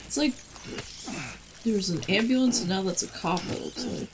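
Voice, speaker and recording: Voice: medium pitch, moderate pace, background noise. A let's play co-host chatting and teasing at home, laughing often at their partner's gameplay. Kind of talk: casual gameplay chat.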